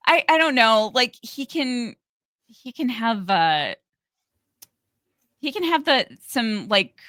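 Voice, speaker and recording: Bright-voiced female podcast co-host, giggly and halting, dry close mic. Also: on the high side, expressive, no echo. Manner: giggly, halting, many restarts. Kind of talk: casual podcast chat.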